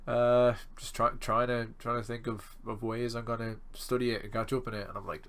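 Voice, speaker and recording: A young man in his twenties telling a rambling, animated storytime vlog, swearing freely. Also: mid-range voice, moderate pace. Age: 20s. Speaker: student vlogger.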